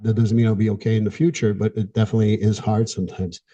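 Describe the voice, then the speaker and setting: Earnest middle-aged man, dark husky voice. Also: on the low side, flat delivery, lo-fi sound. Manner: earnest, candid, pausing, gets emotional at times. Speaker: therapist and podcast host. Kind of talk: reflective podcast monologue.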